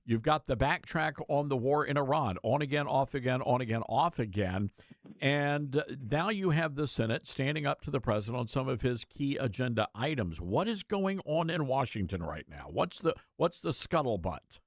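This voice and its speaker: A man's voice: mid-range voice, animated, moderate pace, dry recording, clean studio sound. A man hosting a talk radio show, opinionated and conversational with a sarcastic edge.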